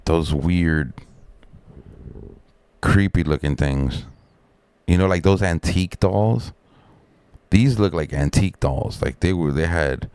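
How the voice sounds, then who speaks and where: A middle-aged man rambling through a profane story on a casual live stream, with lots of fillers and a sharply higher voice when he quotes other people. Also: slow, long pauses, darkish tone, clean tone, dry recording. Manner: raises pitch sharply when quoting others.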